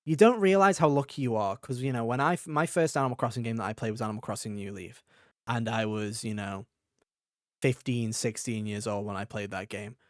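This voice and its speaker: Smooth-voiced young man chatting about games. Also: medium pitch, fairly quick, no room sound, clean studio sound. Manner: animated storyteller, acts out quotes. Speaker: podcast co-host. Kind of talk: casual chat.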